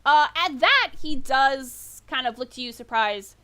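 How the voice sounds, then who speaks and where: Woman, game master, high voice, rambling, self-correcting. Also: lively intonation, measured pace, pushed and bright, clean tone. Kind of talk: narrating a tabletop game.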